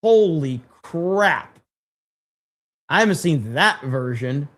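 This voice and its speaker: Male stream host, loose and rambling, reads chat aloud, slightly high voice. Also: lively intonation, slow, fairly bright tone. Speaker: livestream host. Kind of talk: casual live stream chat.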